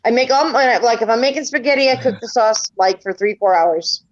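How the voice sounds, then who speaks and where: A middle-aged woman with a slightly high voice talks fairly quickly in a casual group voice chat, where she's a panel participant. She tells family stories full of chatty asides and acts out the family's dialogue, though the audio is dull.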